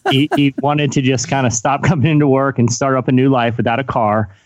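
A man's voice: medium pitch, fairly even intonation, fairly quick, no echo, highs cut off. A man hosting a podcast in casual chat, asking his guest playful, teasing questions. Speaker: podcast host.

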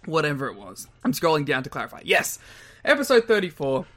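A man's voice: fairly high pitch, very animated, a little fast, fairly bright tone. A man co-hosting a podcast in casual chat, jokey and playing at mock outrage. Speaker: podcast co-host.

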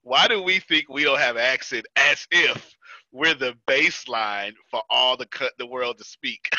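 An American man running a team meeting in a loose, joking way, laughing as he tells work stories. His voice is very bright and sharp. The sound is dry and a little muffled. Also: mid-range voice, moderate pace, dry recording. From United States. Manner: joking, storytelling, laughs often. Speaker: meeting host. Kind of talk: casual team meeting talk.

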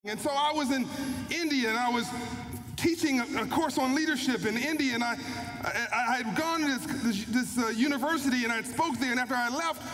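Male keynote speaker, very high pitch, earnest storyteller, long hall reverb. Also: fairly quick, a bit bright, soft background music. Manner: earnest, repeats words as he builds a story. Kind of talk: motivational storytelling speech. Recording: long hall reverb, faint background noise.

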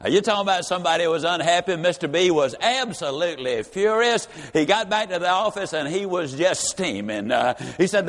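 A man's voice: high voice, lively intonation, a little fast, few pauses, fairly bright tone, big-room sound. A man telling a story in a folksy, emphatic way as a motivational speaker. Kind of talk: storytelling speech.

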